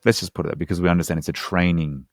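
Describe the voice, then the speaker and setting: Male therapist guest, low voice, earnest and explanatory, dry close-miked studio sound. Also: fairly even intonation, rapid-fire, no echo. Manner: earnest, explanatory, slangy asides. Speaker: hypnotherapist guest. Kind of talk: casual podcast conversation.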